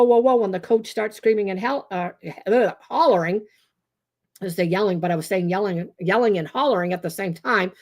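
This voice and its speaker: A woman hosting a casual livestream as a trauma-informed educator, talking in a chatty way with many fillers and often acting out quotes in different voices. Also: on the low side. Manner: animated, acts out quotes in voices.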